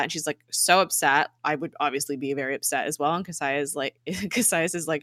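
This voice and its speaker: Woman podcaster rambling through an episode recap, bright lowish voice, dry close mic, laughs a lot. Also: a little fast, few pauses, dry recording. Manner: chatty, laughs often, many fillers.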